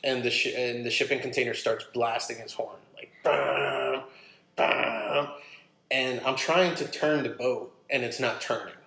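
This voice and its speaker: A man's voice: mid-range voice, normal speed, few pauses. Roomy-sounding man telling a story. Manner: animated, acts out his own quotes. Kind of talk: casual storytelling. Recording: roomy echo.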